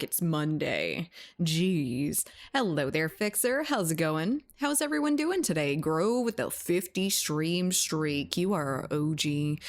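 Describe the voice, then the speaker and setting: A woman game streamer chatting casually and playfully, greeting her live chat viewers by name one after another. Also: fairly low pitch.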